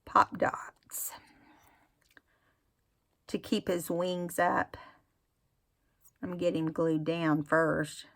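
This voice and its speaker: A woman's voice: lowish voice, little pitch movement. A woman hosting a craft tutorial, talking casually and rambling as she demonstrates. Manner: chatty, rambling, self-admittedly unhurried.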